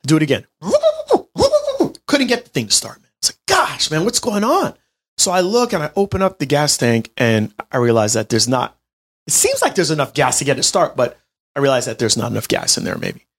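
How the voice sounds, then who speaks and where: A man in his late twenties tells a story from his own life, speaking to listeners as if they were friends. His pitch swings widely and his delivery is animated and chatty. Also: fast talker. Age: 20s. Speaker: healthcare business owner. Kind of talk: storytelling monologue to an audience.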